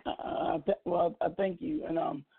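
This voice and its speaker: Man, high voice, soft-spoken, coughing, call-in radio host, tinny phone-line sound. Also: fairly even intonation, moderate pace, creaky, breathy edge. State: coughing from asthma. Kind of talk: casual call-in radio chat. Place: at home alone.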